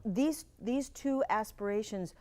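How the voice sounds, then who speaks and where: A woman's voice: on the high side, darkish tone. A middle-aged woman, talking as a candidate guest in an earnest, upbeat way in a local TV studio. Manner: earnest, upbeat, spells out slowly. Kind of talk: casual interview talk.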